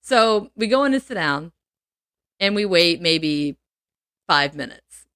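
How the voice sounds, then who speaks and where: A woman's voice: on the low side, slow pace, no echo, studio quality. Chatty woman telling a story. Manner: animated, laughs often, acts out quotes. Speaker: podcast co-host. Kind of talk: casual storytelling chat.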